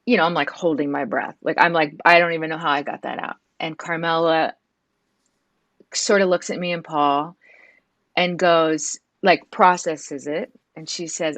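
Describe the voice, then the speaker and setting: A woman in her thirties, a guest in an emotional interview, speaking softly and earnestly with many halting restarts. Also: deep voice, steady tone, dry recording. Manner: soft and earnest.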